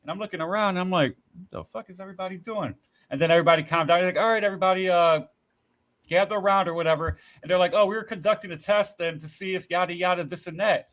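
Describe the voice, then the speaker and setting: A man's voice: high voice, steady tone, very fast, a bit bright. A man in casual podcast chat, telling rambling, profanity-laced stories with acted-out quotes. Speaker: podcast host.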